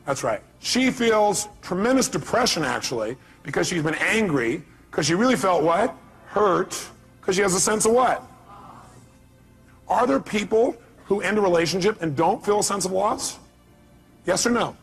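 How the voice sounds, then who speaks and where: A man gives an emphatic motivational seminar talk in a high, forceful voice. He throws rhetorical questions at the audience. His delivery stays punchy throughout. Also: lively intonation, normal speed, breathy edge, soft background music. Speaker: motivational speaker.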